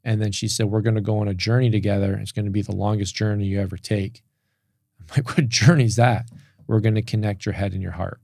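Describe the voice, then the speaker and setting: A man's voice: on the low side, fairly even intonation, quick pace, gravelly, mellow, dry recording, clean studio sound. A man speaking as a podcast guest, telling an emotional personal story in a candid, open way with many restarts. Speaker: podcast guest, business coach.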